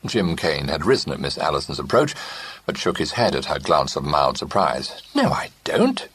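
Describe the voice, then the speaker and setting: A man narrating a classic mystery novel as an audiobook, in measured scripted storytelling. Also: very deep voice, expressive, a bit bright, breathy edge.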